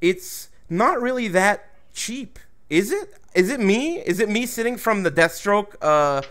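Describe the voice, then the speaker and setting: A man's voice: high-pitched, lively intonation, measured pace, fairly bright tone. A man hosting a casual gaming talk show, loose and joking, who swears freely. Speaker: podcast host. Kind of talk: casual chat.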